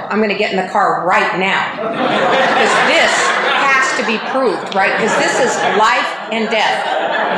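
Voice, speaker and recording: A woman's voice: on the high side, heavy background noise. Candid woman sharing her story in an echoey room. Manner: candid, self-mocking, laughs at herself. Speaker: recovery meeting speaker. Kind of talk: personal testimony talk.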